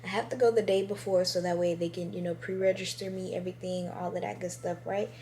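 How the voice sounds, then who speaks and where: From home, a heavily pregnant woman in her 20s vlogs straight to camera, chatting casually with viewers. Her voice is fairly low, level, and mellow, and she talks fast; the on-camera mic picks up slight background noise.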